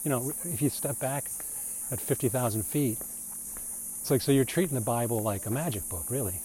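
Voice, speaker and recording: This man's voice is mid-range, warm and husky, and he talks a little fast. His casual, meandering talk is about reading the Bible, and whenever he quotes someone he slides into a mocking, put-on voice.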